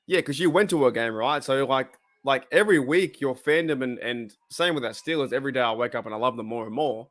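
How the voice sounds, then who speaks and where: A man's voice: medium pitch, a little fast, few pauses. A man with an Australian accent hosting a fan watch party, giving casual commentary on the game, cheering and groaning at each play. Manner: excitable, cheers and groans at plays.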